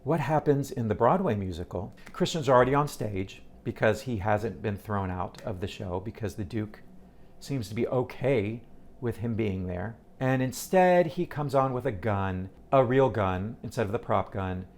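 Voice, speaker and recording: A man's voice: lowish voice, lively intonation, normal speed, darkish tone, slight background noise. A man reviewing a theater show to camera, retelling scenes in an impassioned, emphatic way. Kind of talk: casual spoken review to camera.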